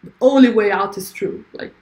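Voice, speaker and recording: A woman's voice: medium pitch, normal speed, darkish tone, echoey room. A young woman hosting a livestream, chatting effusively and reading viewer comments aloud. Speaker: livestream host. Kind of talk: casual livestream chat.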